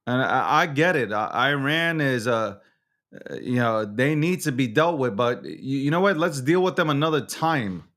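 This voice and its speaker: A man's voice: mid-range voice, expressive, moderate pace, a bit bright. A man hosting a nightly recap show, ranting angrily with lots of swearing and repetition. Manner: heated, profane, repetitive. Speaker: host. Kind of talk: angry on-camera rant.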